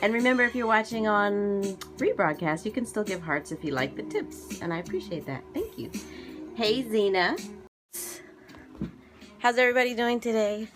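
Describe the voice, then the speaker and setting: A woman wardrobe stylist hosting a casual live stream, bubbly and quick to laugh as she greets viewers by name. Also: mid-range voice, big pitch swings, over music.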